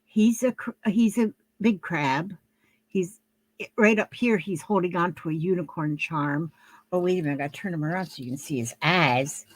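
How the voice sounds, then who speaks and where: An older woman chats casually about her crafts in a rambling, homey way, with a lowish voice. She keeps correcting herself and adds plenty of fillers. The sound is dry and close, with no room echo. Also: normal speed. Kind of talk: casual chat to camera. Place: her craft area at home, indoors.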